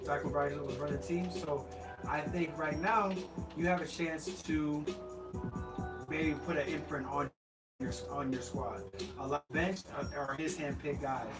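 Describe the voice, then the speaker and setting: A man's voice: fairly high pitch, steady tone, measured pace, recorded from a distance. A man co-hosting a casual sports podcast, rambling through his analysis with many restarts and repeated words. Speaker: podcast co-host. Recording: roomy, off-mic, loud game music.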